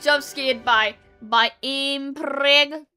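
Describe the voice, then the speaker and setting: A young woman streaming games live, chatting casually, excitable and swearing freely, often bursting into shouts. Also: high voice, drawn-out words, faint music behind. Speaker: VTuber streamer.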